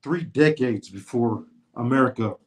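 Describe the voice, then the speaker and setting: A man's voice: medium pitch, moderate pace. A man in a casual talk show who speaks fervently, repeating lines for emphasis like a preacher. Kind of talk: preaching-style casual chat.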